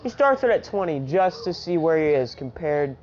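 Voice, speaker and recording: Woman rambling thru a fan story, low slow voice, muffled lo-fi mic, faint music behind. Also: sing-song, a little mellow, slight background noise. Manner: rambling, many filler asides. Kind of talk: casual fan-story retelling. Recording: dull lo-fi home recording.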